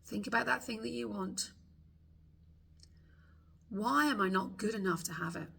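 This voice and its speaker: A woman coaches a guided tapping session, voicing frustrated thoughts for listeners to repeat. Her voice is bright and a little husky, with gravelly fry, and she takes her time over every phrase. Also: mid-range voice, moderate pace.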